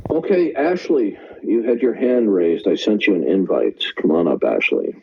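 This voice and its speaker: A man hosting a live online call-in debate, talking forcefully, often interrupting and tagging lines with "okay?". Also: low-pitched, sing-song, moderate pace, creaky, breathy edge, dull audio. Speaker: debate room host.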